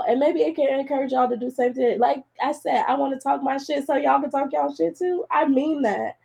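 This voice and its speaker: A woman's voice: sits high, fairly even intonation, a little fast, creaky, few pauses, mellow. A tearful woman hosting a solo podcast, talking casually and encouraging her listeners while she cries. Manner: emotional, encouraging, addresses listeners as y'all. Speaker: podcast host.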